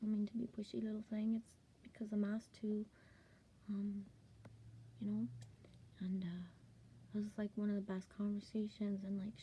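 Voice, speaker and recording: Lo-fi sound with a little hiss or hum carries a medium-pitched woman's voice. A vlogger from Ontario, she tells a personal tale casually, peppering it with swear words and "like," and sometimes whispers.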